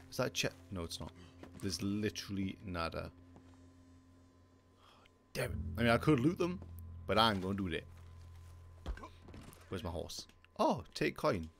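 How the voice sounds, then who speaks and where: Jumpy gamer guy, lowish voice. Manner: excitable, jokey, easily startled. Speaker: streamer. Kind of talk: gaming livestream commentary. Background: game music.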